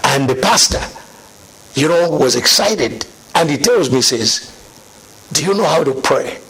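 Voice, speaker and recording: A middle-aged man telling his conversion story as a guest, animated and laughing now and then. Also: on the high side, unhurried, husky. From Zambia. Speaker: guest sharing testimony.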